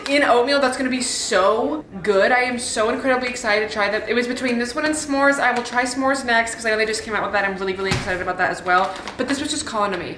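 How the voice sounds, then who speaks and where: A woman's voice: on the high side, bright, forceful tone, echoey room, slight background noise. A young woman in her twenties vlogging casually at home as a fitness creator, chatty and bubbly with lots of fillers, sometimes a bit out of breath. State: out of breath at times. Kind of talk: casual vlog talk to camera. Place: rooms of a house.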